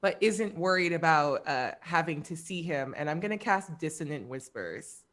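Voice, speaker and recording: A woman's voice: deep voice, lively intonation, moderate pace, fairly bright tone. A woman playing in a tabletop game, narrating her character's actions with a wry, laughing tone. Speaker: player. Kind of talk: casual tabletop play.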